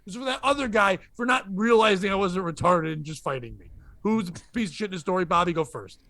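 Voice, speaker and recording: Man with a high voice, rowdy storyteller, laughs through his tale, podcast guest. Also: animated, quick pace, pushed and bright, dry recording. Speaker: comedian guest.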